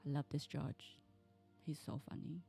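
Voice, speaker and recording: A woman's voice: low voice, fairly even intonation, unhurried, creaky, warm tone, faint music behind. A woman streamer giving chatty, rambling commentary while playing a game. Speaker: let's play streamer.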